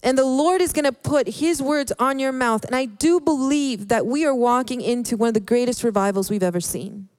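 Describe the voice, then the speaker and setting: Woman, high voice, earnest sermon, halting restarts, dry close sound. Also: a little mellow, dry recording. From Hispanic background. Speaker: preacher.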